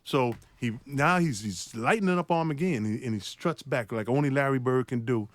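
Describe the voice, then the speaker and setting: A middle-aged man, a former pro basketball player, telling an animated, self-mocking anecdote. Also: medium pitch, fairly quick, no room sound. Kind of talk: anecdote storytelling.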